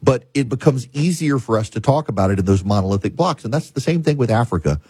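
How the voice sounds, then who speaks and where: A man's voice: mid-range voice, expressive, fast, darkish tone, husky, no room sound. A man delivering an emphatic political monologue as a commentator host, repeating and listing points with frequent restarts.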